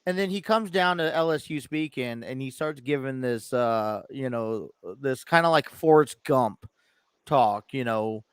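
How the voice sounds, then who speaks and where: A man's voice: mid-range voice, measured pace, clear, resonant tone, no room sound, clean studio sound. A man co-hosting a sports podcast in casual chat, rambling with many restarts and easy laughter.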